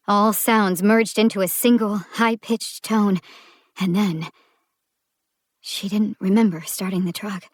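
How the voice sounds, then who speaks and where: A woman reads a suspense audiobook at an unhurried, deliberate pace, letting each phrase land. Her pitch is moderate and even. The recording is close and dry with no room sound. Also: dry recording. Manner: slow, measured storytelling. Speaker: audiobook narrator. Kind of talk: scripted audiobook narration.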